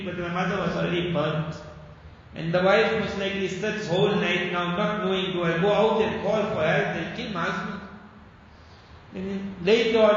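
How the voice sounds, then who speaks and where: A man's voice: high-pitched, fairly bright tone, a little hiss or hum. A man preaching a sermon, telling a story with feeling and acting out the speech of its people. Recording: echoey hall with dull sound.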